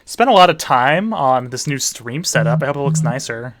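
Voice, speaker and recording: A man's voice: mid-range voice, lively intonation, moderate pace, fairly bright tone. Dry-witted man streaming a game. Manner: dry, offhand asides while setting up. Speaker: teacher streaming a party game for students. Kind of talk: casual livestream chat.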